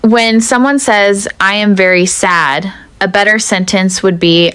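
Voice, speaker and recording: Smooth, dry-voiced woman teaching English. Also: medium pitch, fairly even intonation, fairly bright tone, dry recording, faint music behind. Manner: measured, deliberate, addresses the viewer directly. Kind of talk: scripted teaching narration.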